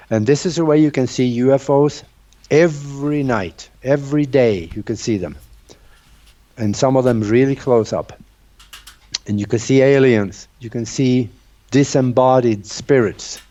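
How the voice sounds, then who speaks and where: A man's voice: medium pitch, mellow. A man interviewed as a researcher, explaining his ideas and telling stories in an earnest, conversational way. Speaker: guest researcher. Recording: dull lo-fi sound.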